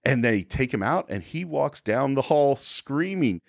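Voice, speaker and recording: A man co-hosting a film podcast talks casually, his voice gravelly and his pitch swinging widely as he acts out lines from the movie. The sound is close and dry, with no room around it. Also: unhurried, no room sound. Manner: animated, quotes film lines in character. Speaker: podcast co-host.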